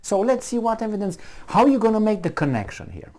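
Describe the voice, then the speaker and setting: A man's voice: high-pitched, very animated, fairly quick, warm tone. A man giving a heated, sarcastic running commentary, mocking and arguing with the people he talks about. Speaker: political commentator. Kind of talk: ranting video commentary.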